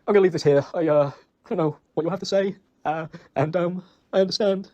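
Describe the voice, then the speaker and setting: A man's voice: high voice, fast, warm tone, highs cut off. A young British man in a recorded personal voice message, rambling and reproaching himself, emotional and choked up, swearing often. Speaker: ex-boyfriend leaving an apology message.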